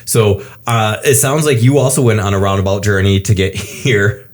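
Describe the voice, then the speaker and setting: A man co-hosting a casual podcast chat, with wry quick asides. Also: on the low side. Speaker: co-host, computer science professor.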